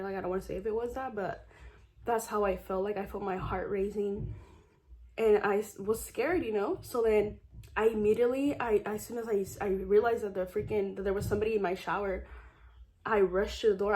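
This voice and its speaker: Woman vlogger, casual storyteller, rambling with lots of fillers, salty language, replays the dialogue. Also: mid-range voice. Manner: swears casually; animated retelling with quoted dialogue.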